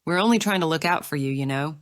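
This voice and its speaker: A woman voicing a stern, protective young gentleman in an audiobook; his lines are grave and clipped and easily affronted. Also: a little high, fast, clear, resonant tone, no room sound, studio quality, natural voice. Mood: earnest. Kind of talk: audiobook character reading.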